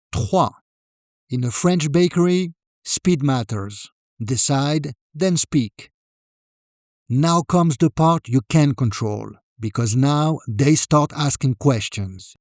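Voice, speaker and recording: A man calmly narrating a scripted language lesson, demonstrating French phrases with deliberate delivery. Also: mid-range voice, no echo, studio quality.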